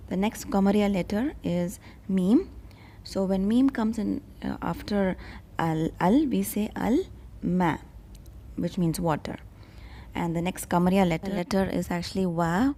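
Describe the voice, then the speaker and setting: Tutor, female, breathy, patient and repetitive, mid pitch. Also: warm tone. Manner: patient, repeats each word slowly, with fillers. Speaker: Arabic tutor. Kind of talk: step-by-step language lesson.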